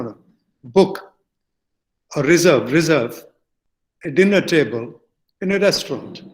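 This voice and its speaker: An older Indian man, a guest speaker with an Indian English accent and a slightly high voice, gives a lecture-style talk. His phrasing is halting, full of fillers and self-corrections, and the audio quality is poor.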